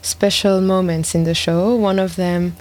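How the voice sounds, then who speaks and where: A woman hosting a radio show, chatting in a slow, thoughtful, hesitant way. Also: fairly low pitch, steady tone, a little mellow, poor audio. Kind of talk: casual chat.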